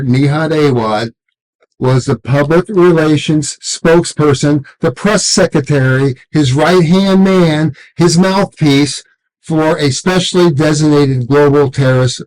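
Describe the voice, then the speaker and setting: A man with a slightly raised pitch speaks on a casual panel. He cuts in often and lands hard on names and facts. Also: unhurried, a little mellow, rough recording. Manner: interjects, stresses names and facts. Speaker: panel co-host.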